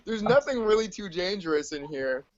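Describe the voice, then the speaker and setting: Easygoing high-voiced man guest. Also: animated, moderate pace, highs cut off, crowd noise. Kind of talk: casual chat.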